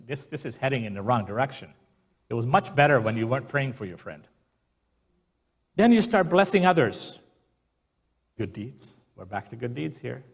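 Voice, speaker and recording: A man preaching a sermon as pastor, telling stories and acting out the quotes. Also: medium pitch. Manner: storytelling, acts out quotes.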